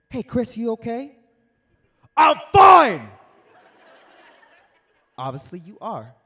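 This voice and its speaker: A young adult man giving an animated, interactive motivational speech to a youth audience, telling stories and acting out quotes. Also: on the high side. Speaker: motivational speaker.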